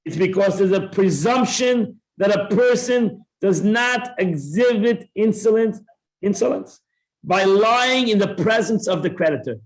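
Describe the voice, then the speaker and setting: In a Talmud class, a man with a high voice teaches in an animated, unhurried way, voicing both sides of a dispute. As he explains, he keeps repeating words and starting over.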